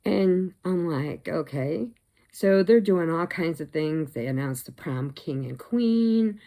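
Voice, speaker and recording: A middle-aged woman telling long, animated stories in a casual vlog, laughing at her own jokes. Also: fairly low pitch, slow. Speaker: crochet vlogger. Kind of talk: casual storytelling.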